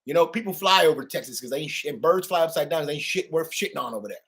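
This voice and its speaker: A middle-aged man delivering a profane, ranting monologue to his channel, swinging between loud outbursts and low mutters. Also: animated, racing. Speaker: channel host.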